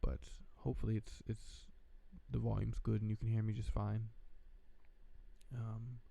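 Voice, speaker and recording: A man chats casually on his livestream, drifting through thoughts with plenty of ums and restarts. His low voice has a heavy gravelly fry. The tone is dark and mellow. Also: flat delivery, measured pace. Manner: rambling, filler-heavy, laid-back. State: tired, yawning. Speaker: livestream host. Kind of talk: casual stream chat. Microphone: desk microphone.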